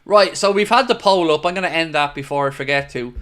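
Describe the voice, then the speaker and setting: A fast-talking man with a slightly high, somewhat bright voice and a clear, resonant tone hosts a football fan livestream. In casual chat he reads viewer comments and answers them earnestly and opinionatedly, speaking directly to viewers with "mate".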